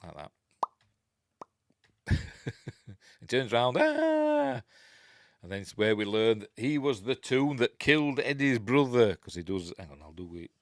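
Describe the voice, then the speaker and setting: A Yorkshire man talks through a film scene by scene in a loose, chatty way, with lots of chuckles and trailing asides. His voice sits low but swings up and down with real animation. The sound is close and dry. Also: expressive, moderate pace, pauses often, no echo. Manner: rambling, chuckling, loses his place. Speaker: film review host. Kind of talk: casual film commentary.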